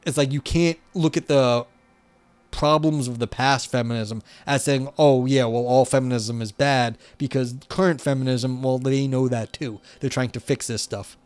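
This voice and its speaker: A man's voice: mid-range voice, steady tone, normal speed, clear, resonant tone, no room sound. A man with a New York accent, hosting a livestream, reading an academic paper aloud and then chatting loosely with lots of fillers. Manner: reads academic text then chats loosely with many fillers.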